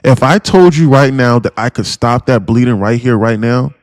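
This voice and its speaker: This man runs a day-trading live stream, speaking at moderate pace in a mid-range voice with no room sound. Blunt, pushy, and repetitive, he curses freely and addresses viewers as guys and bro.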